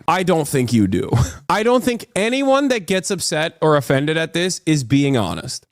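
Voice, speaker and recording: A man reacting on a live stream with heated, profane political commentary in rapid bursts. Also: on the high side, no room sound, studio quality.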